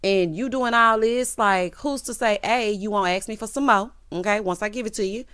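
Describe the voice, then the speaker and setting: A woman's voice: medium pitch, moderate pace, fairly bright tone, clean tone, no echo, studio quality. A woman reviewing a TV episode in a casual vlog, sassy and playful, laughing often and acting out the characters' lines. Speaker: TV recap reviewer.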